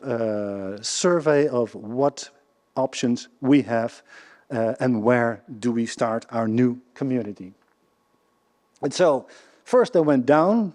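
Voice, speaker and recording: A man with a Dutch accent gives a history talk to a live audience, often restarting his sentences and checking with the listeners. His voice is mellow and dark, at an ordinary male pitch. The lecture hall adds a long reverb. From Netherlands. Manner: halting, with many restarts and questions to the audience. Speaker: guest lecturer.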